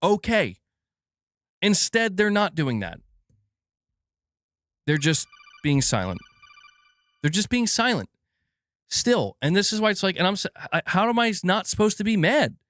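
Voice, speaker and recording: A man's voice: high voice, big pitch swings, a little slow, long pauses, a bit bright, no room sound, clean studio sound. Frustrated man ranting on a livestream. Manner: frustrated, swearing, many restarts and fillers. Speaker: gaming channel host. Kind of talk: casual livestream rant.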